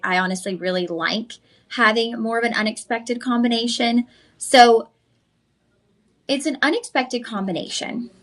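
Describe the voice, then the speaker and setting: A woman's voice: fairly high pitch, fairly bright tone. Chatty, enthusiastic woman selling jewelry. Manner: chatty and enthusiastic, addresses viewers directly. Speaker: shopping channel jewelry host. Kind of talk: live TV sales pitch.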